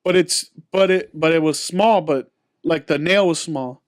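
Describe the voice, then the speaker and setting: A man's voice: fairly high pitch, unhurried, dry recording, studio quality. A young man hosting a podcast, telling a rambling story in casual chat with friends, full of slang and swearing. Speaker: podcast host.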